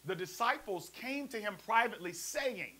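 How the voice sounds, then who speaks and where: A man preaching a sermon as pastor, lively and playful, calling on the congregation to answer back. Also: high voice, normal speed, slightly rough, low-quality recording. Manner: preachy, call-and-response, playful asides. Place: church service also streamed to a prayer line.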